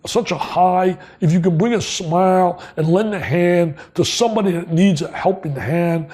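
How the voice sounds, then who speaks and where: Excitable older man with a husky voice. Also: sits high, normal speed. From New Jersey. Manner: excitable, emphatic, repeats lines for punch. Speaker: guest. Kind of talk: storytelling interview.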